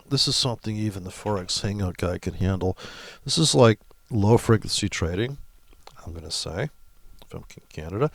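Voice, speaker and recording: Guy with a low rough voice doing a loose trading how-to, snarky rambling. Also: moderate pace, pauses often, slight background noise. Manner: rambling, sarcastic, crude asides. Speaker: forex trading presenter. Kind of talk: casual screen-share tutorial with mocking commentary.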